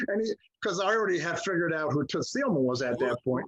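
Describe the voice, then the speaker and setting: An older man telling stories in an interview, animated and acting out the voices of people he quotes. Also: on the high side, quick pace, few pauses. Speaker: guest musician. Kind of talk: storytelling interview. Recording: muffled lo-fi audio.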